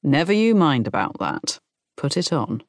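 A woman's voice: deep voice, very animated, normal speed, no room sound, clean studio sound, heavily acted. A woman voicing a nervous, tender man in his forties who talks earnestly and apologetically. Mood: coaxing.

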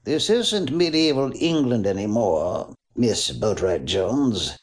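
A man's voice: lowish voice, sing-song, slow. A narrator voicing a tall, rude male police officer who talks with mocking contempt. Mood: contemptuous.

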